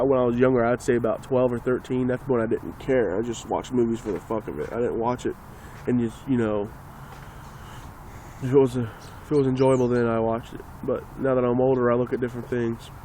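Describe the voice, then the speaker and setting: A man's voice: mid-range voice, a little mellow, slight background noise. A man ranting casually and sarcastically into a phone, rambling and swearing as he talks. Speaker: vlogger.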